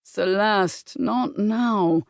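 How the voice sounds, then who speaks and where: A woman voicing a young English gentleman in a novel, speaking firmly and clipped. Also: medium pitch, very slow, creaky, no room sound, studio quality. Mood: impatient. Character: young English gentleman, a betrothed man, firm.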